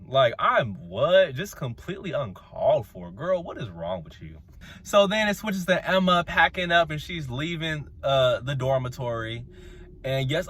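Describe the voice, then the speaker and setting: A man with a fairly high voice rips through a reality show episode, his pitch swooping wildly from low grumbles up to sharp squeals. He talks in a sassy, slangy, dramatic way, like he is gossiping with friends. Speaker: reality show reviewer and channel host. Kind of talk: casual episode recap.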